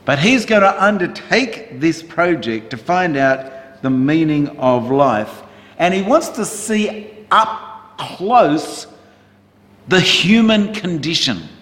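A man preaching in church, talking with the congregation in an easy, conversational way and tossing questions out to them. His voice sits a little high, and he speaks slowly and deliberately. The sound carries the long, roomy echo of a church hall. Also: expressive, fairly bright tone. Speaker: pastor. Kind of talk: sermon.

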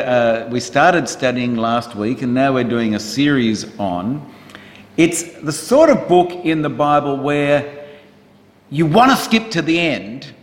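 A man preaching in church, talking with the congregation in an easy, conversational way and tossing questions out to them. His voice sits a little high, and he speaks slowly and deliberately. The sound carries the long, roomy echo of a church hall. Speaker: pastor. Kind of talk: sermon.

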